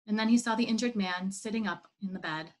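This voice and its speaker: A woman telling a parable in an online church service, in a measured, steady reading. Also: mid-range voice, rough recording. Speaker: worship leader.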